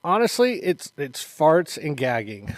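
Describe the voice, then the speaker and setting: Upbeat male co-host, fairly high voice, dry close sound, lively storyteller. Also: a little slow, dry recording. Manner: animated storyteller, acts out quotes, laughs often. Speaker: podcast co-host, martial arts instructor. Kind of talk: casual chat.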